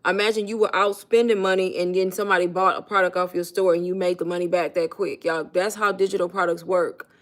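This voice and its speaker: A woman's voice: lowish voice, steady tone, quick pace, few pauses. A woman chatting casually on a phone livestream, coaching her viewers and calling them "y'all" in loose, informal speech. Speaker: online business coach.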